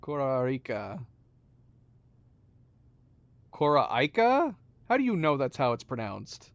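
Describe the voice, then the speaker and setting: A man playing a puzzle game and commenting as he goes, mumbling to himself and then breaking into loud surprised outbursts. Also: medium pitch, creaky, no echo. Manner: excitable, quick swings between mumbling and loud exclaims. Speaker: gaming channel host. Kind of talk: let's play commentary. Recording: dull lo-fi sound.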